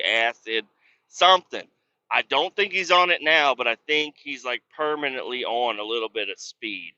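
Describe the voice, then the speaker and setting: A man's voice: mid-range voice, bright, forceful tone, dull audio. A man telling a profane, exasperated story about a chaotic coworker in a casual, mocking rant. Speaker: industrial cleaning worker telling a work story.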